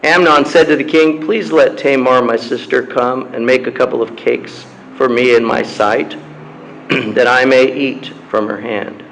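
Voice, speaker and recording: A man preaching a sermon and reading scripture aloud in a slow, measured way, with long pauses and frequent throat-clearing. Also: medium pitch, steady tone, a bit bright, slight background noise, poor audio. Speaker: pastor. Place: church.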